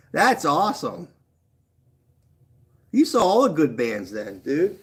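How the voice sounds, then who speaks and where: A man's voice: fairly high pitch, wildly swooping pitch, slow, husky. A man hosting a casual live stream, chatting easily with viewers and laughing often.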